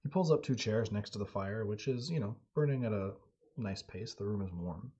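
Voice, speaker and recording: A man narrating a solo tabletop game on stream in a relaxed, halting storytelling manner. His voice is husky and mellow and sits on the low side. The audio is dull and lo-fi. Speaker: game master and solo player.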